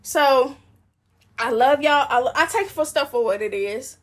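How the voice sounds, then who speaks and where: A woman with a high, slightly breathy voice talks casually about her faith. She is joyful and preachy, laughs often and rambles from one thought to the next. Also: unhurried. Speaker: Christian woman sharing testimony.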